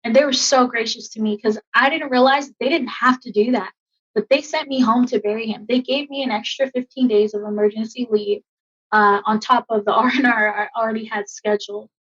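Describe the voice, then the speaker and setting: A woman army veteran in her thirties, telling a personal story in a podcast interview, emotional and halting with many fillers. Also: a little high, steady tone, fairly bright tone, breathy edge. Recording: dull lo-fi sound.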